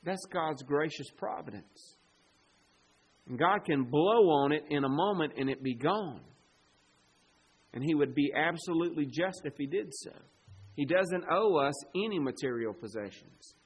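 A man delivers a sermon in a fairly high voice. He swings between loud, emphatic stretches and hushed, low-voiced asides, and he slows right down to draw out words when he reads scripture aloud. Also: lively intonation, husky, low-quality recording. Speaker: pastor.

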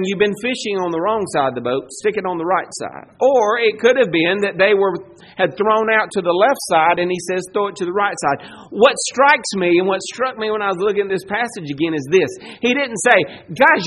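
A high-voiced preacher delivers his sermon. He pushes up loud and fast on his points, then drops low and slow for weight. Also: rough recording. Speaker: pastor.

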